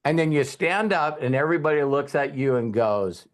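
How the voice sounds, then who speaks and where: A man giving a casual motivational talk as a mentor, acting out quotes in lively storytelling with some swearing. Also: mid-range voice, brisk, few pauses. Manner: animated storyteller, acts out voices. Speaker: mentor and coach.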